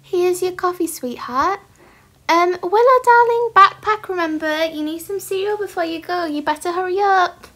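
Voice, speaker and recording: A woman voicing a caring mother in a toy role-play, gentle and coaxing. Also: very high voice, steady tone, moderate pace, hardly any pauses. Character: caring mother hurrying her daughter.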